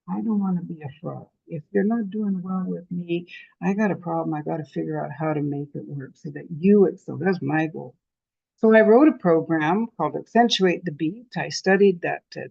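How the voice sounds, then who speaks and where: A Canadian woman past sixty-five, giving a lively motivational talk and telling her story with self-deprecating humor. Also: lowish voice, creaky, dry recording, dull audio. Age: over 65. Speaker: conference speaker.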